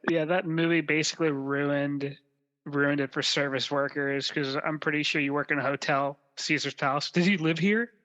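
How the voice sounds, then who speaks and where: A man chatting casually on a podcast in a bright, forceful voice pitched a little high. His speech is easygoing and hesitant, with lots of fillers, and a long reverb trails behind him. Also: little pitch movement, moderate pace, dull audio. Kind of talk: casual chat.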